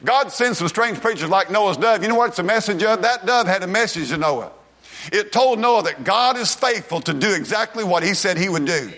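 A man preaching a revival sermon, fervently calling out and then dropping to a hushed tone. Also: expressive, brisk. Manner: fervent, shouts rises then drops low and hushed.

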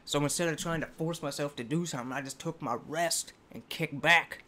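A man's voice: on the high side, a little fast, sharp tone, a little hiss or hum. Profane, rambling man reacting to music. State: emotional. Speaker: music reaction video host. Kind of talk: casual reaction commentary.

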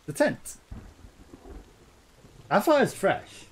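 A man's voice: high-pitched, big pitch swings, very slow, a little hiss or hum. A man casually commenting on a game he plays, chatty and jokey and often laughing. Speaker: let's play host.

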